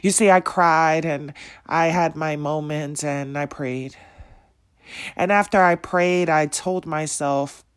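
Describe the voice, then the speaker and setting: A man speaking as a motivational speaker, preaching in a slow, emphatic way with repeated rhetorical questions. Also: on the high side, steady tone, clear, resonant tone. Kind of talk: motivational monologue.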